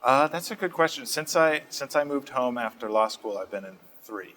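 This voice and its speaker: A young man, answering interview questions in a steady, thoughtful way with frequent fillers, in a community TV studio. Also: mid-range voice, normal speed, a little hiss or hum, rough recording. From Massachusetts. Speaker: state representative guest.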